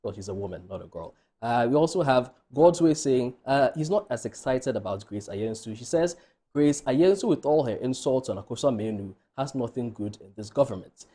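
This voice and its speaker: A Ghanaian male co-host reading viewer messages on air, steady, with dry asides. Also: medium pitch, normal speed, slightly rough.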